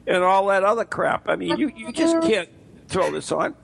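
A man's voice: sits high, big pitch swings, normal speed, vocal fry, slightly rough. A man from the United States, co-hosting a podcast in casual, jokey banter, often repeating words as he goes. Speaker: podcast co-host.

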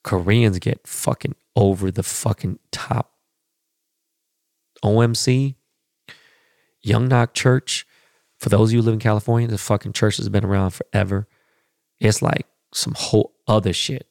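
A man hosts his podcast in loose, profane, rambling talk, giving blunt opinions. His voice sits low and gravelly with plenty of fry. The sound is dry and close, with no room echo. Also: steady tone, a little slow, pauses often, darkish tone. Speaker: podcast host. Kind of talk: casual chat.

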